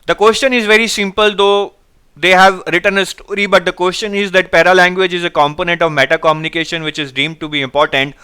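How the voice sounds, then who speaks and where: A man's voice: high-pitched, steady tone, quick pace, sharp tone, clear, resonant tone. A man teaching a live online exam-prep class, reading out viewers' answers and energetically urging them to respond.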